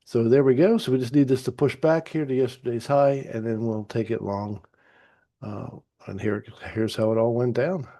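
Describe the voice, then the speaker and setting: A man calmly narrating a trade replay as a trading teacher, easygoing and explanatory with some fillers and restarts. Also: mid-range voice, normal speed. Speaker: trading educator. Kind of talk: narrated chart walkthrough.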